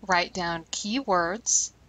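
Woman teaching slowly and clearly. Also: lowish voice, fairly bright tone, no room sound, poor audio. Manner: clear and deliberate, slowing down on key terms. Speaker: language teacher. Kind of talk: scripted instructional narration.

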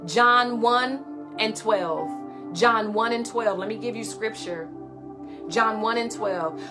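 A woman minister delivering a fervent prophetic sermon, moving between loud declarations and hushed prayer. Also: on the high side, measured pace, over music.

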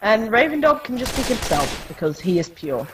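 A woman's voice: a little high, very animated, normal speed, slight background noise, poor audio. A woman chatting casually and swearing while playing a zombie shooter with friends. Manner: swears and shouts during play. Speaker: gamer. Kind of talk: casual gameplay chat while drinking. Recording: loud game gunfire behind.

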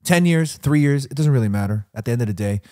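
A man's voice: medium pitch, animated, fast talker, warm tone. A young man co-hosting a podcast in casual chat, playful and teasing, laughing often. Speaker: podcast co-host.

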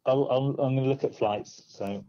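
A man's voice: medium pitch, moderate pace, mellow, dull audio. A male comedian guesting on a podcast, chatting in a laid-back, cheeky way. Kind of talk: casual chat.

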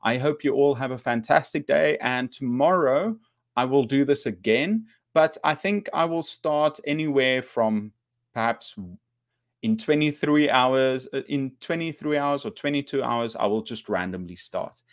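A man teaching English grammar on a live stream, reading example sentences aloud slowly and patiently and greeting viewers by name. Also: mid-range voice.

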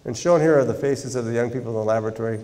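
An older American man giving a university lecture, measured and deliberate, with dry humor when he tells stories. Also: mid-range voice, dark tone, slight background noise. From United States. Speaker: guest lecturer, scientist. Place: large university lecture hall. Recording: reverberant lecture hall.

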